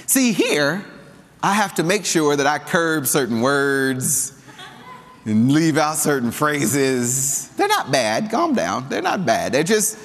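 A Southern man with a drawl preaches in a lively, conversational style, joking with the congregation and drawing call-and-response. His voice sits a little high for a man. A long reverb trails each phrase, as in a large sanctuary. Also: takes it slowly. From Southern United States. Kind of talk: sermon. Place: church sanctuary.

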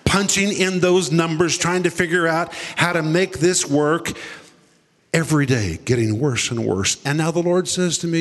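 A male preacher telling a story in a sermon, dramatic, dropping to deep low tones for quoted lines. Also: normal speed, a bit bright, long reverb tail.

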